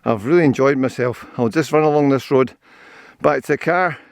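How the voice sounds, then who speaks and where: A Scottish man, older, talks in a rambling, cheerful way to the camera he carries while out running on a forest trail. His voice sits at an ordinary pitch and sounds close and dry, with no room echo around it. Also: moderate pace. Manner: chatty, rambling, cheerful about scenery. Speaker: vlogger. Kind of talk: casual walking and running commentary.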